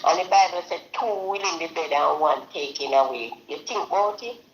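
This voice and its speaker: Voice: medium pitch, a little fast, reverberant, lo-fi sound. A host with a Jamaican accent chatting about politics, cutting in to tell stories. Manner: interjecting, storytelling. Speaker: live stream host. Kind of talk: casual political chat.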